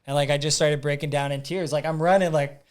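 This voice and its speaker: A man telling a story as a podcast guest in a casual, animated way, acting out his own thoughts and using lots of fillers. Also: on the high side, fast, smooth. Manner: frequent "like" fillers and repeats.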